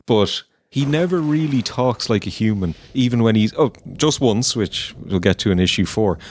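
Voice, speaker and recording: A man's voice: lowish voice, expressive, normal speed, a little mellow, slight background noise. An Irish man co-hosting a comedic review podcast, blunt and sardonic. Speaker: podcast co-host.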